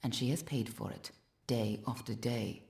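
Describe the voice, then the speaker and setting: A woman with a southern English accent voicing a solemn, loyal quest-giver in a video game, speaking in a measured, formal way. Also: very deep voice, vocal fry, a little mellow. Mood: grave. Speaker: game character.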